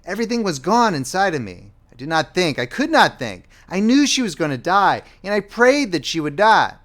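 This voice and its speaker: A man reading a novel aloud as an audiobook narrator, in a plain, measured first-person style. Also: sits high, sing-song, fairly bright tone.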